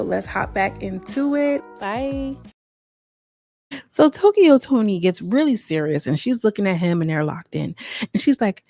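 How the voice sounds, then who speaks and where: A woman's voice: mid-range voice, fairly quick, darkish tone, no echo, faint music behind. A woman hosting a podcast, recapping gossip in a sassy, chatty way, talking straight to her viewers. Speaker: podcast host.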